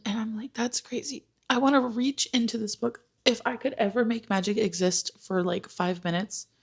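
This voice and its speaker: A young woman with a slightly gravelly, fry-touched voice, ranting casually and emotionally to her vlog camera. She sounds close to tears and exasperated, with plenty of "like" fillers. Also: medium pitch. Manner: emotional and exasperated, many "like" fillers, rants about a book. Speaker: book vlogger. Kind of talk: casual talking-head vlog update.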